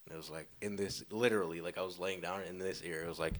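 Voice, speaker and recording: A man's voice: low-pitched, steady tone, fast. A young man telling a faith testimony in a rambling, casual way, full of fillers and laughs.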